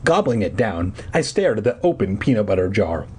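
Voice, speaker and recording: A man's voice: on the low side, sing-song, brisk, mellow, a little hiss or hum. A man in his twenties reading a children's book aloud on a podcast, with wry, self-mocking asides. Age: 20s.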